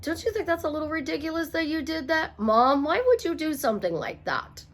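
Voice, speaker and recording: Lady imitating her grown daughter, skeptical, scolding mom, low then high. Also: lively intonation, brisk. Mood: incredulous.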